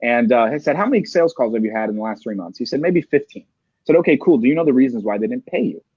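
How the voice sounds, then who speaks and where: Male sales coach guest, emphatic and motivational, husky voice, dry muffled audio. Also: mid-range voice, animated, fast, no room sound. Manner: emphatic, rhetorical "right?" tags. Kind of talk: motivational interview talk.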